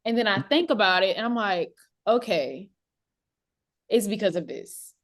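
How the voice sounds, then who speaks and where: A woman's voice: mid-range voice, expressive, normal speed. Woman host, casual, affirming, laughs easily, plain mid-range voice. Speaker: host and business owner. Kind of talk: casual conversation.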